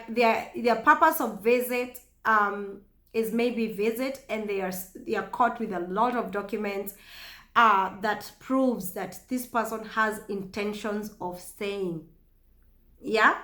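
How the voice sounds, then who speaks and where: A woman with a Kenyan accent telling a story casually to camera, chatty and animated, often laughing. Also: a little high. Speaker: vlogger. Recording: echoey room.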